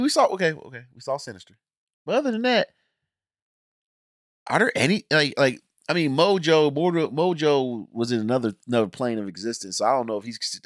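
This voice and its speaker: A man hosting a casual reaction review, ranting in an animated, emphatic, slangy way with many restarts. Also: fairly high pitch, no room sound, clean studio sound. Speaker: reaction channel host.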